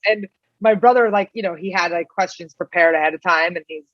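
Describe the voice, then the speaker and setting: A woman's voice: mid-range voice, brisk, dry recording, highs cut off. A woman co-hosting a podcast, chatty and upbeat, with many "like"s and "um"s. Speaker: podcast co-host. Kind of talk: casual interview chat.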